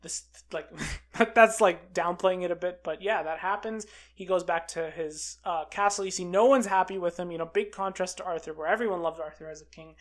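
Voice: mid-range voice, a little fast. Rambling, chatty film recapper. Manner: quotes characters in a flat offhand voice. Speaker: film reviewer. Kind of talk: casual movie recap.

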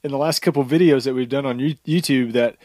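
A man's voice: medium pitch, fast talker, a little mellow, dry recording. A man co-hosting and producing a review show, talking casually, teasing his partner and rattling off product specs into a close desk microphone. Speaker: show co-host and executive producer.

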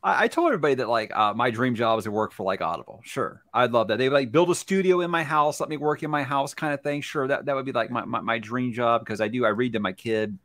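A man hosting an interview, talking in a lively, rambling way with many restarts. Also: medium pitch, fast talker, few pauses, no room sound, studio quality. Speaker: host. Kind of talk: casual interview chat.

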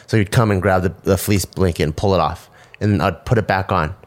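Man, podcast co-host, low-ish voice, casual storytelling, swears. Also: a little fast. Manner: animated storyteller, swears, jumps high when imitating a toddler.

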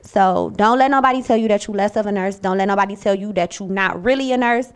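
A woman's voice: mid-range voice, quick pace, smooth. A young woman hosting her own podcast, talking casually and bluntly about her nursing work, full of swearing and pep talk. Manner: blunt, profane, motivational. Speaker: podcast host, nurse.

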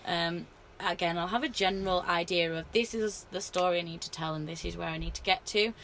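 Woman, slightly low voice, animated storyteller, faint hiss. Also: a little fast. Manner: animated storyteller, many fillers. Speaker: wrestler. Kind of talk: casual interview chat.

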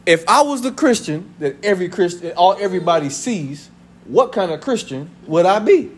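A man's voice: high voice, animated, normal speed, slight background noise. A man in his thirties preaching a sermon to his congregation, conversational and full of laughter. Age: 30s. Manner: conversational preaching with laughter and acted family voices. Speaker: pastor. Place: church sanctuary.

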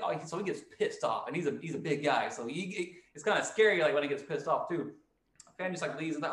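A man's voice: fairly high pitch, animated, fast, fairly bright tone, reverberant. A man casually telling a long, rambling band story, often acting out what people said. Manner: rambling storyteller, lots of restarts, acts out quotes. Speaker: band frontman and podcast host. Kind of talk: casual chat.

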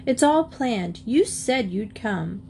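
Lady doing a bossy girl, curt and accusing, slow and clipped. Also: a little high, expressive, dark tone, a little hiss or hum. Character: bossy, dramatic schoolgirl Marcia.

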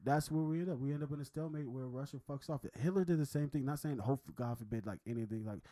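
Fast-talking heated man, deep mellow voice. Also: low-quality recording. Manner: fast, heated, swears a lot, repeats himself. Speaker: podcast co-host. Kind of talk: casual chat.

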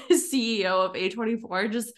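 A woman's voice: fairly high pitch, normal speed. A young woman hosting a podcast, chatting casually with friends and laughing often. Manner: giggly, chatty, many "like"s. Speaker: podcast host. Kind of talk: casual chat.

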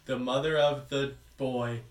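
A man's voice: medium pitch, fairly even intonation, a little slow. A man chatting casually about a movie with wry, sarcastic asides. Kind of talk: casual chat reviewing a movie. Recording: roomy sound from a distant mic.

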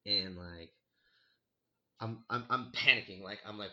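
A man's voice: on the low side, moderate pace, bright, forceful tone, lo-fi sound. A young man casually telling a friend a scary story from his past, swearing freely and acting out his own reactions.

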